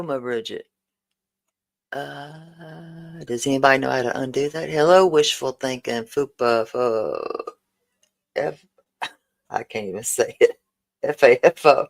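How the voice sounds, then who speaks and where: A woman's voice: low-pitched, gravelly, poor audio. A woman, chatting casually and emotionally on a livestream as host, thanking her viewers again and again. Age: 40s. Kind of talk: casual livestream fundraiser chat.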